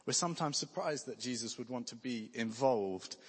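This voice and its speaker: A man's voice: medium pitch, moderate pace, husky. A man preaching a sermon in an earnest, conversational way with touches of light humor. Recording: long hall reverb.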